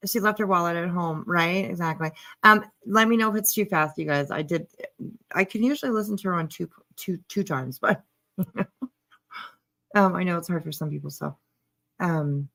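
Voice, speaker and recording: A woman's voice: fairly low pitch, normal speed, long pauses, bright, forceful tone. A woman doing casual live commentary on a clip, sarcastic and chatty, greeting her viewers. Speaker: commentary streamer.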